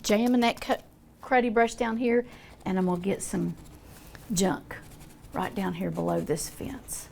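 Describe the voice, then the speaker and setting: Folksy gravelly older woman teaching painting. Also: medium pitch, fairly even intonation, a little slow, pauses often, a little mellow, slight background noise. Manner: chatty, folksy, thinking aloud while painting. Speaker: art teacher. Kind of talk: painting demonstration.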